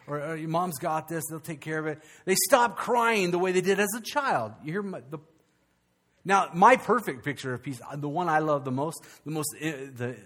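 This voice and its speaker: An older man preaching a sermon as pastor, swinging from loud, animated outbursts to hushed, quiet passages. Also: on the high side.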